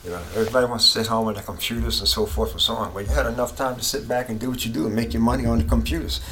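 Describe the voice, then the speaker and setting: A man's voice: lowish voice, slight background noise. Impassioned middle-aged man ranting. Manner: impassioned, ranting, repeats himself. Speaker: political commentator. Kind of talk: casual opinion monologue.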